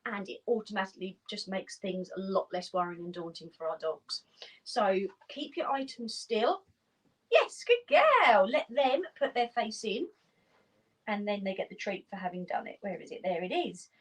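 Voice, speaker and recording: A woman, a dog trainer explaining steps clearly and practically in an instructional video. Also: distant mic, low-quality recording. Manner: clear, practical explaining, breaks into high praise for the dogs.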